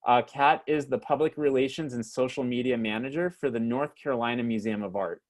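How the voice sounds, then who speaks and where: A man hosts a webinar over a video call. He reads out guest introductions in a mid-pitched voice, pausing on fillers and tripping over names. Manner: hesitant, many uh and um fillers, stumbles on names. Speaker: host and moderator of a webinar.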